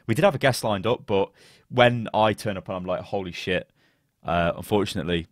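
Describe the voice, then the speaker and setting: A man's voice: on the low side, quick pace, no echo, studio quality. A man co-hosting a gaming podcast, chatting casually with laughs and swearing. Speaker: podcast co-host.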